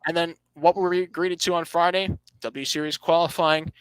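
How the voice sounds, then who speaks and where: A man's voice: fairly high pitch, level tone, normal speed, clear, resonant tone, dry recording, low-quality recording. A man hosting a casual motorsport podcast, reading out standings and giving his opinions with dry sarcasm, often restarting his phrases. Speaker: podcast host.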